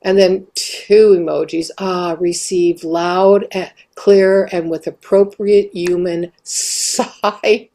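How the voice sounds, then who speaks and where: A woman's voice: fairly low pitch, flat delivery, slow, few pauses, dark tone. A woman hosting a channel, talking casually on her own and reading quoted replies aloud with animation. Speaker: host. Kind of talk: casual monologue.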